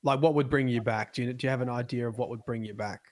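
A man co-hosting a gaming chat, relaxed and teasing, repeating words as he asks questions. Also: medium pitch, fast. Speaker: co-host.

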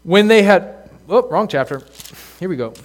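A man's voice: sits high, animated, moderate pace. A man preaching a sermon as pastor, earnest and direct, speaking to the congregation in a church. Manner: earnest, direct, addresses children in the pews. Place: church sanctuary.

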